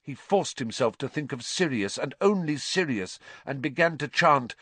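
A man narrating a story in a measured, dramatic way. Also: medium pitch, expressive, a bit bright, slightly rough, dry recording. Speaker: audiobook narrator.

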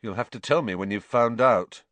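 Glum teenage boy, heavy flat delivery, voiced by a man, dry close sound. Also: mid-range voice, normal speed, no room sound, natural voice. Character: glum, weary teenage schoolboy.

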